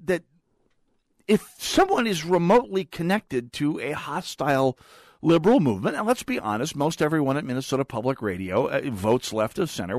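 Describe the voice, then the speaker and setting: A man hosts a political talk radio monologue with a sarcastic edge, his pitch swinging widely as he rambles and restarts. He speaks at a middle pitch into a studio microphone, and the sound is dry and close. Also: no room sound. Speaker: radio talk show host.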